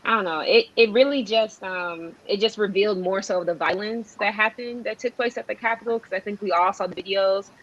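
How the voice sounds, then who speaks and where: A woman's voice: mid-range voice, brisk, few pauses, highs cut off. A young woman co-hosting a news discussion, earnest and hesitant, with many "um"s and "like"s. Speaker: co-host.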